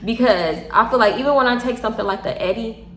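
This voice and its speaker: A young storytime vlogger with a Southern Houston accent, a little tipsy, tells a casual story at a fast clip in a fairly high voice. She's animated, laughing often, swearing freely and acting out the quotes. The room is echoey, with slight background noise.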